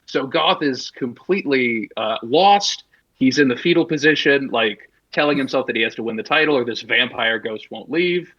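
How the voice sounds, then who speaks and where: A man's voice: mid-range voice, bright, forceful tone, highs cut off. A man on a podcast, eagerly recapping a story with lots of "like" and "uh" in casual chat. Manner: enthusiastic recapping, drawn-out fillers. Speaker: podcast co-host.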